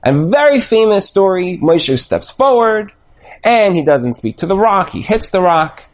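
A man's voice: sits high, unhurried. A man giving a Torah lesson on the weekly portion, telling the story animatedly and thinking aloud with restarts. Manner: animated storytelling, acts out dialogue. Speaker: Torah teacher.

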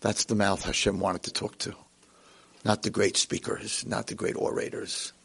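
A man's voice: fairly low pitch, little pitch movement, moderate pace, vocal fry, fairly bright tone, breathy edge. Dramatic male storyteller. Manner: dramatic storyteller who acts out voices. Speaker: inspirational speaker. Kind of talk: sermon-like storytelling speech.

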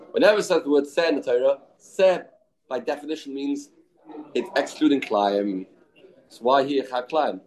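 A man teaching a daily Talmud lesson, arguing both sides in quick English laced with Aramaic and Yiddish terms. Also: medium pitch, a little mellow, rough recording. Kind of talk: daf yomi Talmud lesson.

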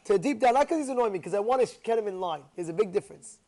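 Fast, high-voiced man giving a lively Torah class. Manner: acts out quoted people, repeats phrases for emphasis; mixes Hebrew and Yiddish words into English. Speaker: rabbi teaching a Torah class. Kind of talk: animated Torah lecture.

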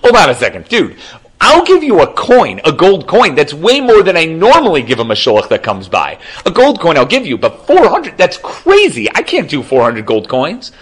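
A man voicing a wealthy, excitable follower who haggles loudly in a told story. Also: normal speed, few pauses, breathy edge. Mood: incredulous. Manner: high, loud, exasperated bargaining.

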